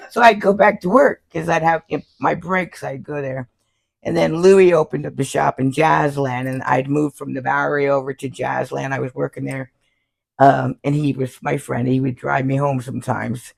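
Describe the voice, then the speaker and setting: Older lady with a gravelly voice, tattoo artist spinning stories, laughs a lot, does the voices. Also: very deep voice, normal speed. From Florida. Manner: animated, laughs often, acts out quoted voices. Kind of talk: casual storytelling interview.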